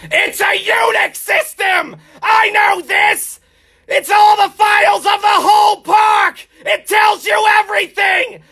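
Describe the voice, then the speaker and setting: A man doing an impression of a comedian, shouting every movie part in a strained, nasal, very high screech. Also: steady tone, slow pace, a faint crowd, exaggerated voice. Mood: shrieking.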